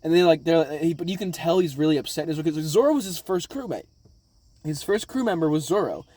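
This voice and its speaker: A man casually recapping episodes of a show, rambling and excitable, swearing constantly. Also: fairly high pitch, brisk, no echo. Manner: rambling, profanity-laden, excitable. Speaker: anime reaction vlogger.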